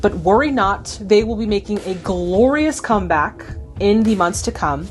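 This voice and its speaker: A young woman hosting a film reaction, talking in a gushing, excitable way full of "like"s. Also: medium pitch. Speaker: host reacting to a classic film. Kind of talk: casual reaction commentary.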